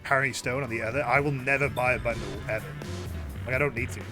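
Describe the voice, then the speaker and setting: A man's voice: mid-range voice, steady tone, quick pace. Chatty man streaming over game music. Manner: rambling, self-mocking, loud bursts of mock indignation. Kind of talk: casual gaming stream chat.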